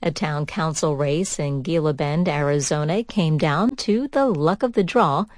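A woman newscaster reading a news bulletin in an even, measured way, recorded on a studio microphone. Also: low voice, no echo. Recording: dry studio sound.

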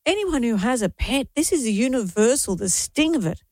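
A woman in her sixties co-hosting a radio show, talking with halting restarts while grieving. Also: a little high, big pitch swings, darkish tone, no room sound, clean studio sound. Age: 60s. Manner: emotional, halting, frequent restarts. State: grieving, tearful. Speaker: radio co-host. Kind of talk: casual on-air chat.

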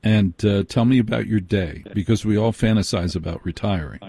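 A man hosting a late-night radio call-in show from a studio, measured and emphatic, repeating phrases for effect. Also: on the low side, creaky, dark tone, slightly rough, no echo. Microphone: studio microphone.

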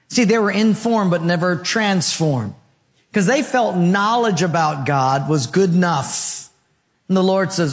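A man preaching a sermon in a high voice. He speaks in rhythmic, rhyming phrases and puts questions to the congregation. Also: unhurried, long reverb tail. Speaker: pastor.

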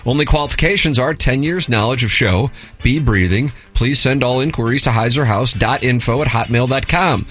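A man's voice: mid-range voice, moderate pace, fairly bright tone. A man hosting a radio show, reading listener emails aloud with a sarcastic, mock-formal delivery.

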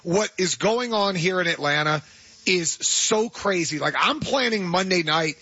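A man's voice: sits high, animated, measured pace, pushed and bright, husky, no room sound, lo-fi sound. A man hosting a sports radio show, chatting with enthusiasm and reading promos. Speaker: radio host.

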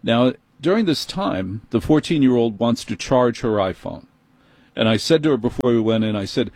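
A husky-voiced radio host with a New York accent, close on a studio mic in a dry booth. He tells his story in an animated, indignant way. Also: mid-range voice, moderate pace, dry recording. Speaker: radio talk show host. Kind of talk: call-in talk radio monologue. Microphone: studio microphone.

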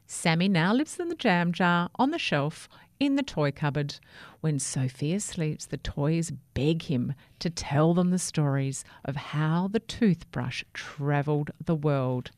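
A woman reading a children's story aloud, gentle and expressive. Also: low voice, unhurried, dry recording, clean studio sound, faint music behind.

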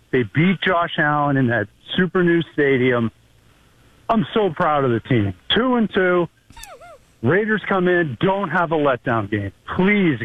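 Sports fan on a phone line. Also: male voice, a little high. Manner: excited, apologetic fan. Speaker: caller.

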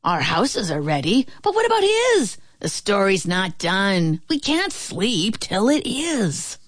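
A woman voicing three fussy little pigs from a storybook in high, squeaky voices. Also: big pitch swings, takes it slowly, no echo, studio quality.

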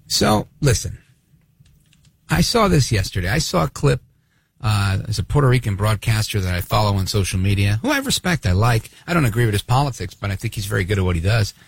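A man hosting a talk radio show, giving sarcastic, animated commentary. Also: lowish voice, a little fast, vocal fry, husky, no room sound. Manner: sarcastic, animated, acts out voices of others.

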